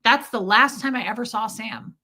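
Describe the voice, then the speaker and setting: A woman's voice: on the high side, normal speed, sharp tone. A woman in her thirties telling a candid personal story to her live chat, swearing freely and answering viewers by name. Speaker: streamer.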